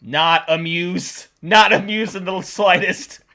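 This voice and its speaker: A woman's voice: on the low side, takes it slowly, pushed and bright. A woman hosting a reaction video, exclaiming, cooing and laughing as she comments on funny animal clips. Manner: laughs often.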